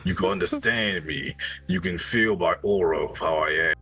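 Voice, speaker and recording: A man voicing a brooding young male biker-gang leader with a low, solemn delivery. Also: normal speed, a bit bright, breathy edge, soft background music.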